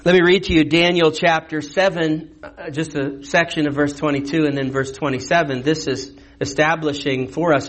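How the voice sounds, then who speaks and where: Male pastor, slightly high voice, chatty sermon delivery with emphatic outbursts. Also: low-quality recording. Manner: conversational preaching with sudden emphatic bursts.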